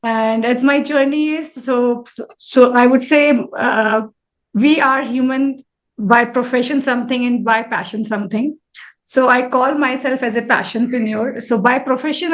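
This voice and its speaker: A woman in her forties answers an interviewer in front of a live audience, in a high, bright register. She is earnest and reflective, and she often restarts her sentences midway. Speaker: interview guest, mandala artist.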